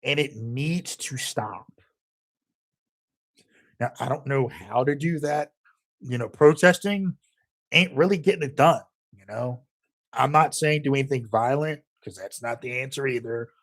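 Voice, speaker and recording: A man delivering a heated, profane political rant as a commentator, emphatic and angry throughout. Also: mid-range voice.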